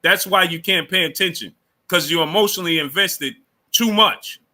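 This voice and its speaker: Male streamer host, bright edgy tone, fairly high, lecturing and repetitive. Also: moderate pace. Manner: lecturing, repeats himself, greets chatters by name. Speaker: boxing channel host. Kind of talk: live stream chat, answering viewers.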